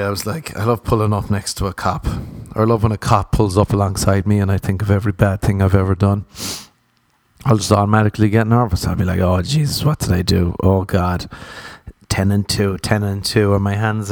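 A man's voice: fairly low pitch, fairly even intonation, brisk, darkish tone, no room sound. An Irish man doing stand-up comedy, ranting and swearing, acting out little voices in his stories. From Ireland. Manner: profane, ranting, acts out voices.

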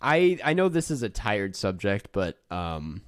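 A man's voice: fairly low pitch, sing-song, unhurried, clean tone, dry recording, studio quality. A man co-hosting a podcast, chatting casually and reading listener questions in an upbeat, easygoing way. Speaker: podcast co-host. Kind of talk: casual chat.

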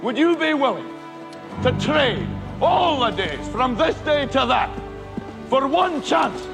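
A defiant Scottish rebel leader rouses his army with a stirring battle speech. His voice sits very high and he drives his words slowly, stretching out each line, while film score music swells underneath. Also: sing-song, creaky, full character voice. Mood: defiant, rousing.

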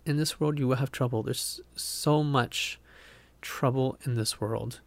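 A young male pastor talks through scripture on his podcast in a loose, heartfelt way, trailing off and circling back to his point. His voice sits in a middle pitch, recorded close and dry with no room sound. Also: fairly even intonation, measured pace, gravelly, no echo. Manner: earnest, rambling, self-interrupting with laughs. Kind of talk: casual devotional talk.

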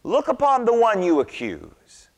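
A man's voice: high-pitched, huge pitch swings, unhurried, pitched above the performer's own voice, full character voice. A man voicing a stern, anxious Roman governor who raises his voice and presses with questions. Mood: demanding. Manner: demanding, raised voice. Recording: long hall reverb.

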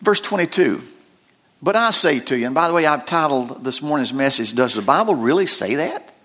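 An older man preaching a sermon as pastor, folksy and animated, with self-deprecating humor. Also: medium pitch, moderate pace.

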